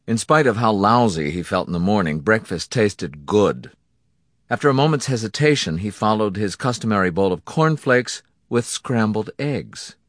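A man narrating a story in a measured, dry storytelling manner. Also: fairly low pitch, lively intonation, dry recording. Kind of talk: audiobook narration. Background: music.

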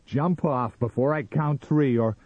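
A man voicing a boastful, panicky pioneer who shouts his defiance, on a slightly muffled recording. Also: medium pitch, very slow, no room sound, pitched above the performer's own voice. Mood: threatening. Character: brash panicky male pioneer, boastful and quick to violence.

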